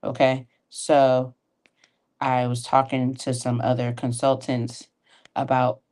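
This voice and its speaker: A woman with a low, mellow voice talks through her makeup at a home vanity, recorded on a tablet. She is animated and encouraging, full of folksy asides, as she chats to her viewers. It comes across as a personal motivational chat. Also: slow. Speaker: beauty vlogger and sales consultant. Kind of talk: chatty motivational talk while doing makeup. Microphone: tablet camera at her vanity.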